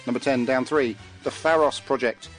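A man's voice: mid-range voice, moderate pace, poor audio. A man hosts a casual podcast chat, reading out a chart in a jokey way and laughing easily. He stumbles over words now and then. Faint music plays under his voice.

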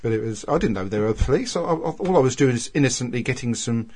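A man's voice: medium pitch, expressive, fast talker, a little mellow, breathy edge. A man, co-hosting a casual podcast chat and telling a long, rambling anecdote. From Wales. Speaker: podcast co-host.

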